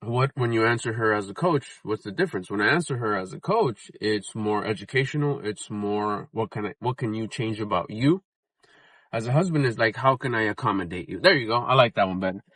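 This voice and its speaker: A man's voice: on the low side, lively intonation, fairly quick, a bit bright, no room sound, rough recording. A man in his fifties vlogging casually while out running errands, talking in a rambling, reflective way with frequent restarts. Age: 50s. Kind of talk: casual vlog chat.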